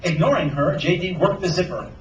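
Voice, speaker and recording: A man, an author, reading a children's adventure novel aloud at a bookstore event with animated storytelling. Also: high voice, brisk, dull audio, slight background noise. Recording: roomy sound from a distance.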